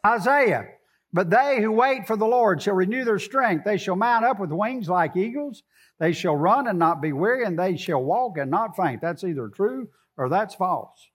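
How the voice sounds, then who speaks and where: A man preaching with a high voice and a drawl. He quotes scripture and talks to the congregation in a loose, conversational way. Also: expressive, normal speed. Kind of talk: sermon.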